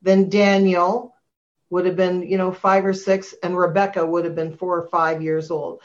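A middle-aged woman guest shares her personal testimony in a heartfelt storytelling manner, sometimes rushing and sometimes going soft and slow. Her voice is fairly low with little pitch movement, and the recording sounds dull and lo-fi.

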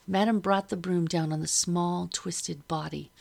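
Gravelly-voiced woman narrating an audiobook. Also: lowish voice, steady tone, measured pace, darkish tone. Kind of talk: first-person audiobook narration.

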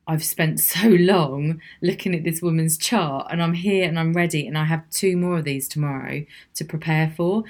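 A woman's voice: sits low, moderate pace, few pauses, a little mellow. A woman hosting a solo podcast, talking frankly and reflectively with small laughs. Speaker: podcast host. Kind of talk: candid solo podcast monologue.

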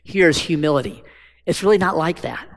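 A man's voice: fairly high pitch, moderate pace, vocal fry. A man preaching a sermon as pastor, talking conversationally and asking the congregation rhetorical questions. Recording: long hall reverb.

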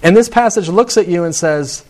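Here the preacher's voice sits high and a little mellow, at a moderate pace. He's chatty and tells stories throughout, restarting frequently and letting his emphasis rise as points take shape.

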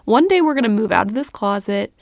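A woman co-hosting a podcast in casual chat, animated and laughing often, with the hiccups, recorded in a small closet. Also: medium pitch, quick pace, vocal fry, no echo, clean studio sound. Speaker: podcast co-host.

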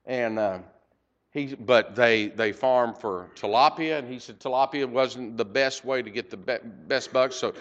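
A man giving a heartfelt report to a church congregation, halting and emotional, with many fillers. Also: medium pitch, fairly bright tone, dull audio. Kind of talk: storytelling church talk. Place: church sanctuary.

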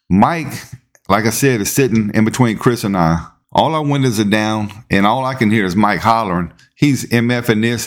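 A man, telling a story as podcast host in a relaxed, conversational way. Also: on the low side. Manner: laid-back, conversational, repeats words when building up. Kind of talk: casual storytelling.

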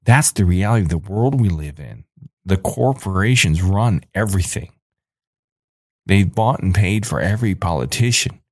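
A man in his forties with a low voice rants hard as a podcast host. He is angry and emphatic, hammers his points home by repeating them, and is recorded in a dry, close setting. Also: lively intonation, normal speed, no echo. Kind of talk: ranting monologue.

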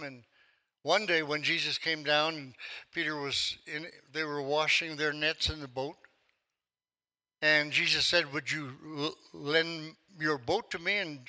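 Older male pastor, 70s, storytelling sermon voice, slightly high and very bright. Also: rough recording. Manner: storytelling, acts out quotes with rising force.

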